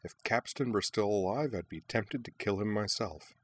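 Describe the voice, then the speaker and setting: A man reading a story, voicing a tired, tough woman colonel in her late sixties who speaks low, quiet and clipped. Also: normal speed, lightly acted. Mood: bitter muttering. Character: weary tough older woman colonel, calm.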